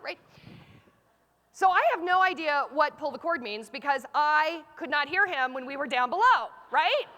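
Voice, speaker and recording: A middle-aged woman speaks from a conference stage in a strikingly high, bright, forceful voice. She tells a story with lots of drama, acting out her own frantic self-talk. She jumps between loud exclamations and quiet, hushed asides. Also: expressive, moderate pace. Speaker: keynote speaker. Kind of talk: animated storytelling keynote.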